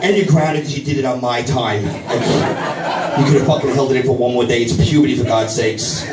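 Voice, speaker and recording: Crude middle-aged stand-up in a loud bar. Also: male voice, mid-range voice, a little fast. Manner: crude, rambling, acts out his own reactions in shouts. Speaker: stand-up comedian. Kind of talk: stand-up comedy set. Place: comedy night at a vape shop, live audience. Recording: roomy live venue, mic from a distance, crowd noise. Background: audience laughter and clapping.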